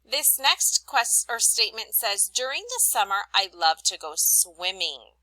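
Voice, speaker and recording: A woman teacher speaks to young children in a recorded lesson, with a bright, clear voice. Her pitch rises and falls a lot as she reads her examples with plenty of expression. The sound is dry and close. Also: measured pace, no echo, poor audio. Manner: clear, expressive reading aloud to young learners.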